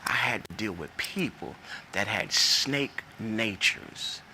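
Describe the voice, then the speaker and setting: A man's voice: fairly low pitch, lively intonation, takes it slowly, bright, forceful tone, slight background noise. A man in his forties giving an earnest, preacherly personal testimony, repeating phrases for emphasis and telling a parable. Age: 40s. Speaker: speaker sharing his testimony.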